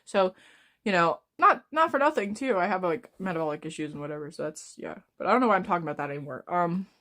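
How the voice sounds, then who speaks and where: Twenties woman streamer, fast, rambling, profane, fairly low-pitched. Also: animated, a bit bright. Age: 20s. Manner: rambling, swears a lot, talks fast. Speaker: livestreamer. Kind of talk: casual live stream chat.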